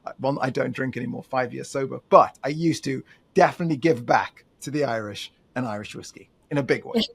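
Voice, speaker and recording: A man's voice: mid-range voice, brisk, creaky, breathy edge. A man co-hosting a casual interview, telling stories in a playful, joking way.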